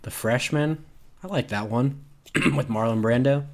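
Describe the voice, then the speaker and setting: A man's voice: medium pitch, unhurried, a little mellow. A man co-hosting a casual film podcast, joking around and reading out listener questions between laughs. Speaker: podcast co-host.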